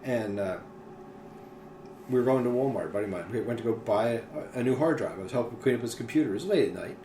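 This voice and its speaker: A man chatting casually as a podcast co-host, telling stories in an animated way and swearing freely. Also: medium pitch, fast talker, far from the mic. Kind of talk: casual chat. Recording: echoey room with faint noise.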